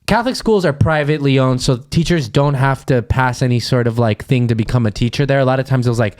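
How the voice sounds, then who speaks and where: A podcast co-host from the Los Angeles area talks through a personal story in a relaxed, rambling way. His voice is smooth and clear, sitting at an ordinary middle pitch. He wanders and restarts often, with plenty of filler words, sounding candid and unpolished. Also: fast talker. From Los Angeles area, USA. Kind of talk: casual chat.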